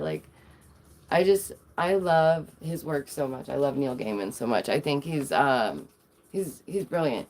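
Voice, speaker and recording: A woman's voice: on the low side, darkish tone. A woman streaming live, chatting casually to her viewers in a rambling way, with lots of fillers and restarts.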